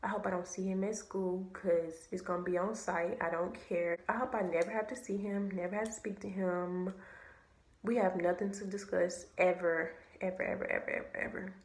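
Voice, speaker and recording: A young woman telling a story to camera, animated and slangy, swearing freely. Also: fairly low pitch, moderate pace. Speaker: vlogger. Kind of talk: casual storytime. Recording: echoey room.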